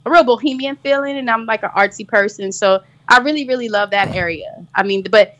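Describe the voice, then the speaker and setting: An American woman from New York City speaks in a rather high voice with a bright, crisp edge. She chats casually and upbeat as a musician guest on a radio show, dropping plenty of "like" and "you know". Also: brisk, slight background noise. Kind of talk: casual radio interview chat.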